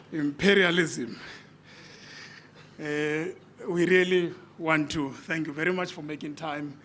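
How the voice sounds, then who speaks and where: A man's voice: fairly high pitch, steady tone, takes it slowly, fairly bright tone, a little hiss or hum. A man chairing a conference panel, earnest and a little hesitant, with filler words as he introduces the next speaker. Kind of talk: conference moderation.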